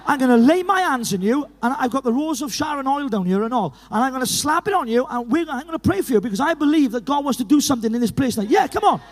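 A middle-aged man with a Welsh accent from Llanelli, preaching an animated evangelistic sermon in a church hall, full of stories and urgent calls. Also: very high-pitched, quick pace, hardly any pauses. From Wales. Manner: animated, storytelling with laughs, rising to urgent calls. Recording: reverberant hall.

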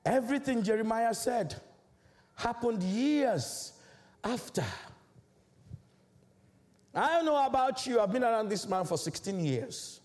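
High, lively-voiced preaching man. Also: unhurried, pauses often. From Africa. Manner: emphatic, declamatory preaching with big swells in pitch. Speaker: church elder preaching. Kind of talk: sermon. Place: large church.

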